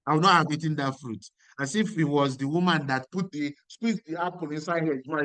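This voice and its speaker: A man's voice: fairly high pitch, fairly quick, a bit bright, dry recording. A man giving a motivational lecture, emphatic and repeating key lines. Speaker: speaker.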